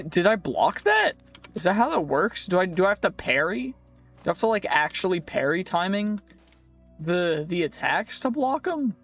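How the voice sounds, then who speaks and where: Guy with a high voice doing goofy let's play commentary, faint music behind. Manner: playful, rambling, self-joking. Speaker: gaming YouTuber.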